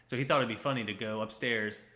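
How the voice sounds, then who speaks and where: A man's voice: mid-range voice, steady tone, quick pace, bright, forceful tone. A man co-hosting a casual livestream, chatting easily with his partner and reacting to viewers. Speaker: co-host of a couple's livestream. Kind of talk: casual live chat.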